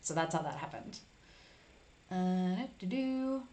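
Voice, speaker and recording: A woman's voice: fairly low pitch, lively intonation, takes it slowly, darkish tone. A woman hosting a casual live stream, chatting with viewers and reading their comments aloud.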